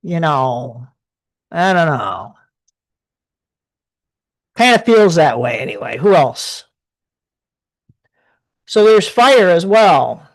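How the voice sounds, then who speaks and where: A woman's voice: low-pitched, very animated, takes it slowly, long pauses. A woman giving a casual live tarot reading from her desk at home, talking in a rambling, chatty way with many restarts. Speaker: tarot reader.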